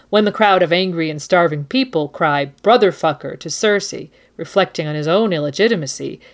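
A woman co-hosts a discussion and lays out her points in a critical, analytical way. Her voice sits on the lower side for a woman. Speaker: co-host. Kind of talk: book and TV analysis.

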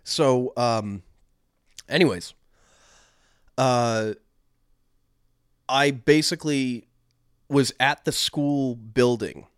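A man co-hosts a casual podcast, drawing out his words in a smooth mid-range voice and pausing often as he tells stories at his own loose pace. He rambles, backtracks, restarts and fills gaps with "um" and "like." The mic is close and dry, with no room sound.

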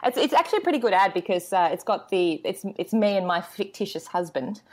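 A woman's voice: mid-range voice, expressive, fast, a little mellow. A woman, a guest actor chatting casually and self-deprecatingly, with many fillers. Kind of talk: casual chat.

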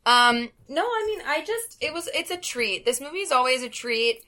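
Chatty woman with a bright voice. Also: high voice, very animated, moderate pace. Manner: chatty, hesitant, laughs easily. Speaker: podcast co-host. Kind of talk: casual chat.

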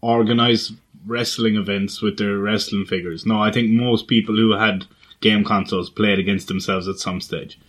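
A man's voice: on the low side, steady tone, normal speed, a bit bright, poor audio. A man co-hosting a casual podcast chat, laughing often and swearing as he tells anecdotes. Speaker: podcast co-host.

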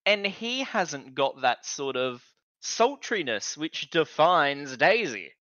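A man co-hosting a casual online podcast discussion, animated and prone to stammering restarts. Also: fairly high pitch, takes it slowly, no echo, highs cut off. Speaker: podcast co-host.

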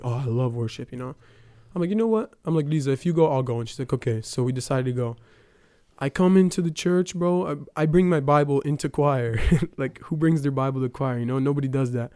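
A man's voice: medium pitch, darkish tone, smooth, no echo. A young man giving a casual personal testimony at church, telling his story with lots of fillers and quoted dialogue.

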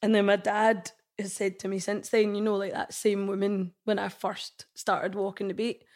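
A woman in her thirties with a Scottish accent, a podcast guest chatting casually, quick to laugh and full of "like". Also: medium pitch, level tone, a little mellow. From Scotland. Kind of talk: casual chat.

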